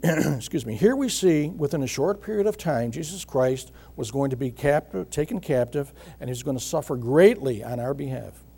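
A middle-aged man preaching a sermon in a measured way, repeating phrases and often clearing his throat. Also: on the high side, a little mellow. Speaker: pastor.

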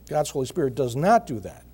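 Husky, mellow-voiced man preaching a sermon. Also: fairly high pitch. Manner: measured preaching with repeated phrases and frequent throat clearing. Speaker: pastor.

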